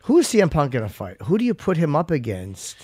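A man's voice: on the high side, huge pitch swings, fast, dark tone. A man co-hosting a podcast, chatting casually with teasing, joking asides. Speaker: podcast co-host. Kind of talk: casual sports chat.

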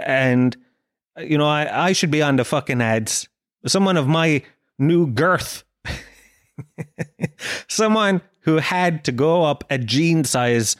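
A man's voice: a little high, dry recording, clean studio sound. A man hosting a comedy podcast, ranting in a profane, self-mocking monologue. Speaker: podcast host.

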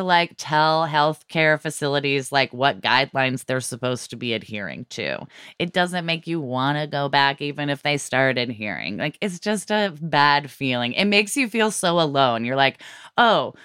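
A woman co-hosting a podcast in casual chat, chatty and quick to laugh, with lots of fillers. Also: low voice, sharp tone, smooth, no room sound, studio quality. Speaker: podcast co-host.

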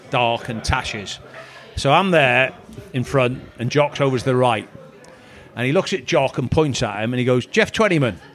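Rambling storytelling man. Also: mid-range voice. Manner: rambling anecdotal, quotes others in voices. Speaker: former footballer. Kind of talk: storytelling chat.

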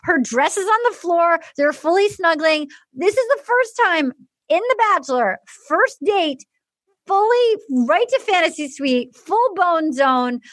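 A woman's voice: extremely high pitch, a little slow, no echo. A woman hosting a podcast, recapping a dating show in casual comic chat and acting out quotes. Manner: animated, acts out quotes in mock voices. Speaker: podcast host.

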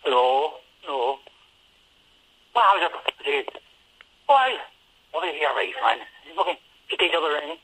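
A man voicing a garbled, shouting voicemail caller with a shrill, distorted voice over a phone line. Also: big pitch swings, measured pace, pauses often, slightly rough, exaggerated voice. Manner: yelling rambling nonsense.

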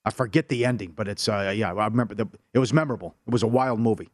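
A man co-hosting a sports talk show in casual banter, excitable and exclamatory, often stammering. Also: on the low side, rapid-fire, no room sound, studio quality. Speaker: co-host.

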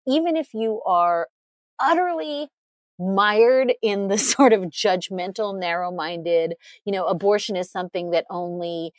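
A woman guest on an interview lays out her view in long, articulate runs, earnest and quick, sprinkled with "you know" and brief laughs. Her voice sits at an ordinary middle pitch. The recording is close and dry. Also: dry recording. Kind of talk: conversational analysis.

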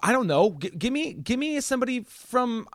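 A young man, a podcast guest, chatting casually about film, animated and swearing freely. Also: very high-pitched, moderate pace, no room sound, studio quality.

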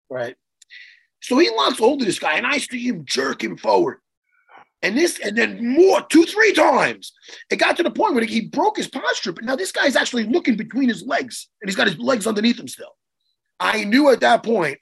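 A man co-hosting a chat show, telling a story in an excitable, profane way with lots of restarts. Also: sits high, gravelly, slightly rough. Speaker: podcast co-host and martial arts coach. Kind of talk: casual chat, animated storytelling.

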